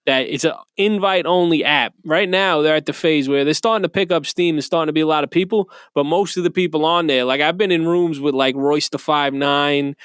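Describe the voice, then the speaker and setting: Male podcast co-host, crude and animated banter, dry studio sound. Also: fairly high pitch, brisk, hardly any pauses, smooth, dry recording. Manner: profane, animated storyteller who acts out quotes.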